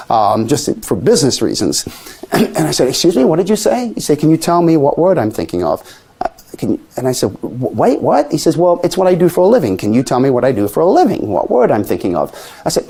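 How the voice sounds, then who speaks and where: An older man with a warm, mid-range voice, a mentalist teaching magic, lectures a class on stage technique. He acts out little scenes as he tells his stories.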